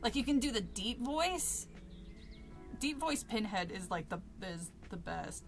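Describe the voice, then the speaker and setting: A woman's voice: mid-range voice, lively intonation, a little slow, soft background music. A woman streamer reading a book aloud, giggling and chatting between passages. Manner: giggly, chatty, self-interrupting. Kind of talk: casual read-along with chat.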